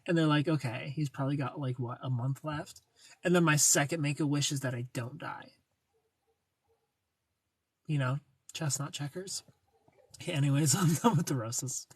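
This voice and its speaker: Reading chat on his livestream, a young host greets viewers by name and teases them in a relaxed, playful way. He speaks at normal speed with long pauses, in a slightly rough voice on the high side, recorded dry.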